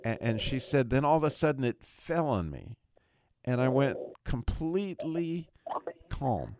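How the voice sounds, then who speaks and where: A man's voice: mid-range voice, measured pace, slight background noise. A middle-aged man hosting a radio prayer show, retelling a dramatic testimony in casual chat, his voice jumping up at the emotional peaks. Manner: animated storyteller, voice leaping up at emotional peaks.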